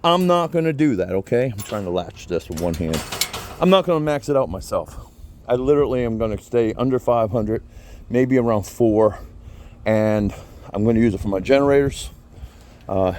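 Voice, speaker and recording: A man's voice: lowish voice, darkish tone. Folksy man, casual talker, friendly reviewer of a gear product. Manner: chatty, folksy, repeats himself. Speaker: product reviewer, channel host. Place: outdoors by a vehicle, then indoor man cave.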